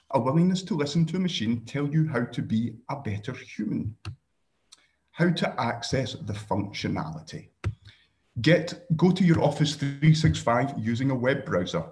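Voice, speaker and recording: A man with a Scottish accent giving a relaxed screen-share software tutorial over a video call, with dry joking asides and frequent ums. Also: medium pitch, moderate pace. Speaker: workshop presenter.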